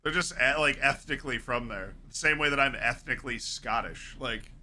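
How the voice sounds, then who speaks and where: A young man streaming a live football watchalong, chatting casually and reacting excitedly to the play. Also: medium pitch, normal speed, a little hiss or hum. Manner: chatty, excitable, yells at big plays.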